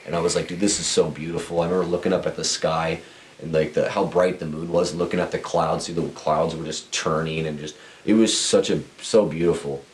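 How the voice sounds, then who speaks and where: A man's voice: extremely low pitch, steady tone, a little fast. A young man co-hosting a podcast, telling a rambling story with a laugh in it and lots of restarts. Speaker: podcast co-host. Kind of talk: casual storytelling chat. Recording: faint hiss.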